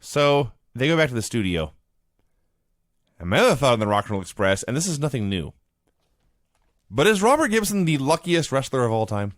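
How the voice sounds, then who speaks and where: A man co-hosting a casual chat, retelling events with big swings in pitch. He jumps into loud shouted quotes mid-story. The sound is dry and close. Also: sing-song, brisk, pauses often, no echo. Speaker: podcast co-host. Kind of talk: casual chat recapping old wrestling.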